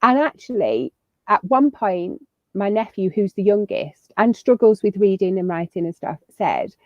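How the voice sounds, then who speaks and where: In a relaxed advice chat over video, a woman guest shares bubbly parenting guidance at normal speed, her medium-pitched voice animated and dotted with fillers and restarts. The sound is a little muffled and lo-fi, without any room sound.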